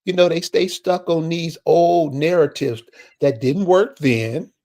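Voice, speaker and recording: Slightly high-voiced man, hesitant. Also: measured pace, darkish tone. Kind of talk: casual discussion.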